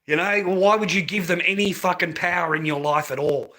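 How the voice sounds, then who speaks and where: A man's voice: high voice, brisk, sharp tone. An Australian man talking casually to camera, ranting and swearing constantly. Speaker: vlogger selling handmade masks.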